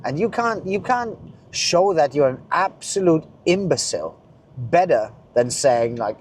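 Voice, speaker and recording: A middle-aged man ranting in a blunt, profane monologue, swinging between loud outbursts and muttering. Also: fairly high pitch, lively intonation, unhurried, a little hiss or hum. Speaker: vlogger.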